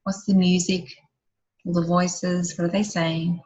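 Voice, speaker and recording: Woman softly guiding a visualization, lo-fi. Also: lowish voice, little pitch movement, measured pace. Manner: gentle guiding questions, often dropping soft and quiet. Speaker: program facilitator. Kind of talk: online group session with guided visualization.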